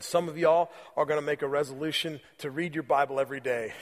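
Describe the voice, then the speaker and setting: A man preaching a sermon as pastor, conversational and repeating phrases for emphasis, slowing on key words. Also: a little high, steady tone, long reverb tail, a little hiss or hum. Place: church sanctuary.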